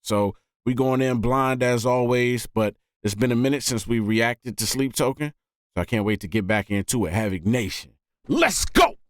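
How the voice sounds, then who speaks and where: A man hosting a music reaction video, talking casually and excitedly and often saying "man". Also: medium pitch, normal speed, no echo, studio quality. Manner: animated, often says "man".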